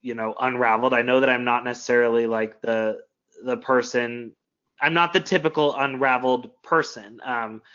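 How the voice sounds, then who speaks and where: A man chatting as a guest on a podcast, candid and self-deprecating, with lots of "like" and "you know". His voice is bright and forward. The sound is a little dull and muffled. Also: medium pitch, fairly even intonation, normal speed. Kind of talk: casual interview chat.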